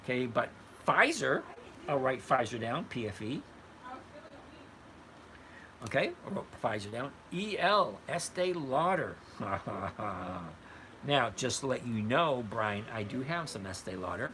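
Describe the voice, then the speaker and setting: A man's voice: mid-range voice, big pitch swings, a little slow, bright, forceful tone, slight background noise, poor audio. An older retired man hosting a casual livestream, answering viewers by name in a blunt, conversational way. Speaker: host reading live chat. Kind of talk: casual livestream chat about trading.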